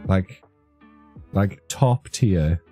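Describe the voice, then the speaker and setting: A young man with a low, dark voice chats loosely with his stream viewers, wandering from one topic to the next and laughing at his own jokes. He talks from a home streaming setup, with soft music playing underneath. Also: very slow. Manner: rambling, joking, easily amused. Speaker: streamer chatting with live chat. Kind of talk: casual live-stream chat. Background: faint background music.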